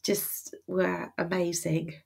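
A woman co-hosting a casual chat podcast, talking through a stuffy cold, chatty and quick to laugh. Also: on the low side, completely flat delivery, creaky, darkish tone, breathy edge. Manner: chatty, laughs often, trails off. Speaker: podcast co-host.

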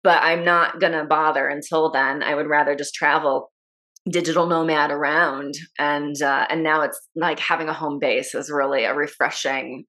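A woman's voice: deep voice, steady tone, normal speed, pushed and bright. A woman in her forties co-hosting a podcast in casual chat, chatty with frequent laughs and trailing restarts. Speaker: podcast co-host.

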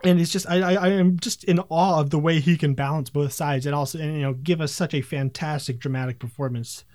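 A man with a slightly higher voice talks eagerly about a film, tripping over his words and restarting often. His voice sounds dry and close, with no room echo. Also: fairly even intonation, fairly quick, a little mellow. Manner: enthusiastic, stumbling restarts. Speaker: podcast co-host. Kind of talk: casual film review chat.

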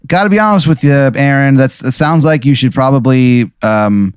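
A man's voice: mid-range voice, normal speed, smooth, no room sound, studio quality, pitched above the performer's own voice, close to an everyday voice. Man doing a groggy, evasive night-call surgeon. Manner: stalling, fumbling, dodges responsibility.

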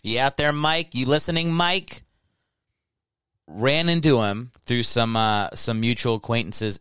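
A man in his thirties from Ohio hosts a solo podcast, rambling and cracking profane jokes. His voice is smooth and clean, close on the mic in a dry, dead room. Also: mid-range voice, lively intonation, measured pace, fairly bright tone, no room sound. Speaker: podcast host and stand-up comedian. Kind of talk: casual solo podcast monologue. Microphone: close microphone.

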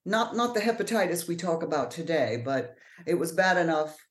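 A middle-aged woman from New Orleans with a Mid-Atlantic accent and proper, measured diction, answering interview questions with pauses and fillers. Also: on the low side, animated, roomy sound. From New Orleans, USA. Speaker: actor and author, podcast guest.

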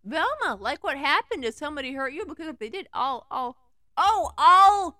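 A woman's voice: high voice, sing-song, slow, bright, forceful tone, pitched above the performer's own voice, heavily acted. A woman voicing an anxious, laid-back young male cartoon slacker, dropping "like" into a raised, urgent voice. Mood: worried. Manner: drawling "like" filler, raised urgent voice.

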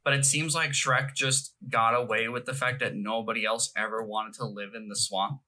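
A man's voice: mid-range voice, fairly even intonation, moderate pace, pushed and bright, poor audio. A young man co-hosting a podcast, chatting casually about films in a rambling, self-correcting way. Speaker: podcast co-host. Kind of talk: casual film chat.

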